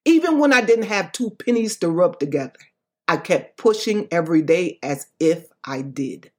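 A woman's voice: on the low side, lively intonation, moderate pace, a little mellow. A woman evangelist giving impassioned personal testimony, emphatic and preacher-like, repeating phrases for effect. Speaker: evangelist and author guest.

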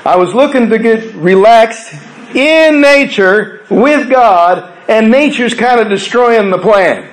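Male pastor, slightly higher voice, preaches conversationally with rhetorical questions and swings from emphatic to hushed. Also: expressive, slow pace, low-quality recording. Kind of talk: sermon.

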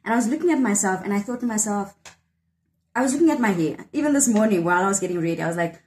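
A woman's voice: medium pitch, expressive, rapid-fire, a little mellow, slight background noise, rough recording. A woman in her thirties with a South African accent, talking earnestly and reflectively about her poem in an interview, often restarting her sentences. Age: 30s. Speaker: poet discussing her poem. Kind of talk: candid conversational interview.

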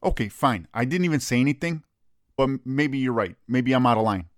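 A man's voice: mid-range voice, animated, brisk, dry recording, clean studio sound. A man with a brash, profane, opinionated way of talking, casually co-hosting a soccer chat. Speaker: soccer podcast co-host.

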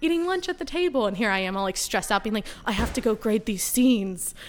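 A young woman, a podcast guest, telling stories in casual chat, full of "like" and quick laughs. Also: fairly high pitch. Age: young adult. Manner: animated, heavy use of "like", laughs while telling stories.

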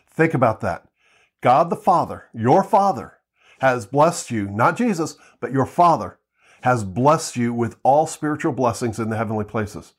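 A man giving an earnest Bible teaching, slowing down to read verses and often repeating words as he talks. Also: mid-range voice, lively intonation, husky. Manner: earnest, reads scripture slowly, repeats words. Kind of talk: teaching sermon. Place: at home, seated with Bible on lap.

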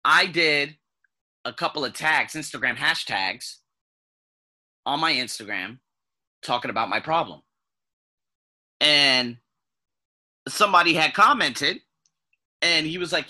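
A man with a piercing, tense and very bright voice and a husky edge tells a personal story to the camera. He speaks casually and with animation, swears freely, and now and then imitates sounds. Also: a little high, animated, unhurried, long pauses. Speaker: vlogger.

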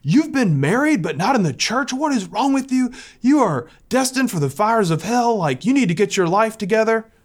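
A man putting on a shrill scolding prank caller. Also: very animated, normal speed, few pauses. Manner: harsh, condemning. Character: scolding male prank caller posing as church.

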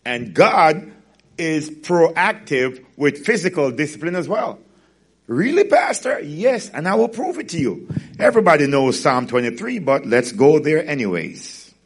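A man, a pastor, preaching a sermon with animated storytelling and frequent laughter. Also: on the high side, unhurried, husky.

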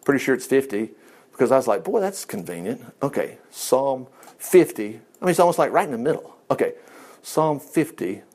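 A man's voice: mid-range voice, a little fast. A man leading an informal Bible study, folksy and chuckling as he talks. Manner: folksy, animated, chuckles often. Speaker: Bible teacher.

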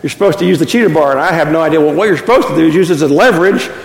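A Texas pastor in his fifties preaches a sermon in a church sanctuary, his voice on the high side and racing along. He tells stories and chuckles at his own jokes, and the echoey hall carries a long reverb.

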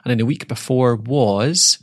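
A man's voice: medium pitch, unhurried, no echo, studio quality. A Scottish man hosting a casual podcast chat, joking and rambling with plenty of fillers and restarts. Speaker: podcast host.

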